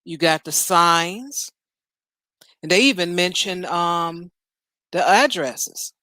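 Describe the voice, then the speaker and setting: A woman's voice: fairly low pitch, takes it slowly, pushed and bright, no room sound. A woman from Chicago hosting a news reaction show from home, ranting bluntly and in exasperation. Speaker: host.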